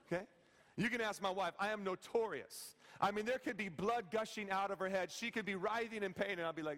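A male pastor in his thirties with a fairly high voice, preaching in a casual, joking way and often asking the congregation "right?". His voice carries a long reverb from the church hall. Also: a little fast, a bit bright. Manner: conversational, joking, frequent "okay?" and "right?" asides to the congregation. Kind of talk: sermon. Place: church sanctuary.

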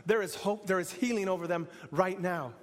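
A man's voice: sits high, moderate pace, big-room sound. A man preaching an earnest sermon in repeated, building phrases. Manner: earnest, repetitive, building to exhortation.

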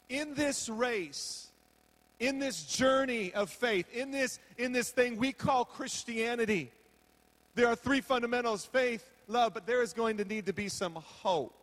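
High-pitched male pastor, joking storyteller sermon from the podium, long hall echo. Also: fairly bright tone. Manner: humorous storytelling, acting out his own reactions.

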